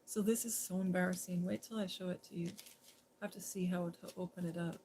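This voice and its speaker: A woman's voice: fairly low pitch, fairly even intonation, a little fast, dark tone, a little hiss or hum. A middle-aged woman chatting casually with her viewers on a live stream, giggling often and speaking straight to people in the chat, recorded on her phone.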